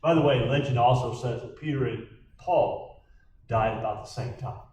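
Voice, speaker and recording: A man's voice: medium pitch, moderate pace, a little mellow. Man, pastor, Bible study teaching, repeats questions before answering, roomy distant sound. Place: church meeting room. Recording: roomy echo from a distant mic.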